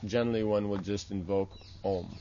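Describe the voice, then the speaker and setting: A man's voice: on the low side, steady tone, fairly quick, dark tone, lo-fi sound, a little hiss or hum. A man teaching the steps of a temple worship ritual, explaining patiently and often checking with "right?". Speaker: religious teacher. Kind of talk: instructional talk on temple worship.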